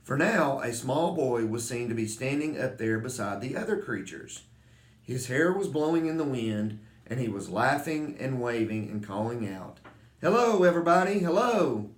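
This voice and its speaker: A man reading a children's book aloud with an expressive, lilting delivery. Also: medium pitch, moderate pace. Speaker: reader. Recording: echoey room.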